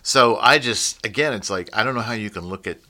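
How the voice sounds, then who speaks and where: A man's voice: on the low side, brisk, sharp tone. A man hosting a casual conversation, reflective and rambling, with frequent restarts and digressions.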